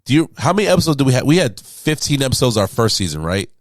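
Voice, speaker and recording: A man's voice: medium pitch, very animated, fast talker, no room sound, clean studio sound. A man in his twenties co-hosting a podcast, bantering casually in slang and swearing freely. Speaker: podcast co-host. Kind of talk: casual chat.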